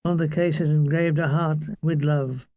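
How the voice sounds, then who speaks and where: A man's voice: fairly high pitch, fairly even intonation, normal speed, dry recording, highs cut off. A man narrating a comic wartime memoir in a dry, wry storytelling manner. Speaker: audiobook reader.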